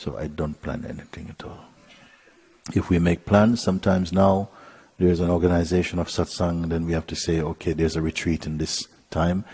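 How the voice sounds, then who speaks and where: A man speaking as a spiritual teacher to a live audience, telling a gentle story with frequent chuckles. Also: deep voice, level tone, normal speed, breathy edge. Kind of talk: relaxed satsang talk.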